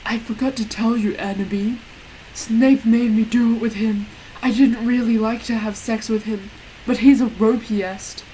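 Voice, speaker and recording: Brief: woman voicing sulky young male goth wizard, slightly high, faint hiss. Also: fairly even intonation, a little slow, warm tone, lightly acted, rough recording.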